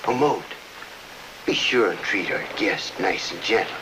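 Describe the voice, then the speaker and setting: Here the same gangster boss, scheming and greedy, gloats through his blackmail with a tough-guy snarl, again in a faintly hissing 1940s radio drama. This time the actor's voice is on the low side, unhurried and only lightly acted.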